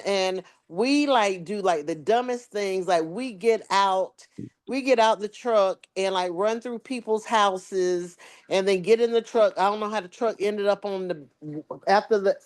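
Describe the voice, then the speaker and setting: A woman tells a story in a relaxed podcast chat. She puts on the voices of the people in it, and her pitch leaps up and down as she goes. She has the easy rhythm of someone talking with family. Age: adult with children. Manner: animated storyteller, acts out quoted dialogue. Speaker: podcast co-host.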